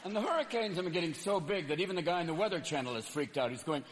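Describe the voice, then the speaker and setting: A man's voice: on the high side, animated, racing, hardly any pauses. A man doing a profane, manic stand-up comedy routine on stage. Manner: manic, profane, jumps into voices. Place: comedy stage before a live audience. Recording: live show with crowd laughter and noise.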